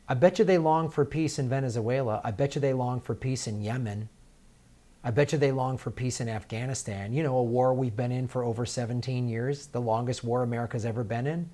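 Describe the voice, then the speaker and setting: A man's voice: mid-range voice, brisk, dark tone. A man hosting political commentary, talking in a heated, sarcastic way with lots of filler words and restarts.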